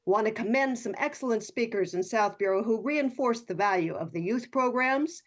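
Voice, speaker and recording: A woman giving polite, measured public comment to a police commission. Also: on the high side, animated.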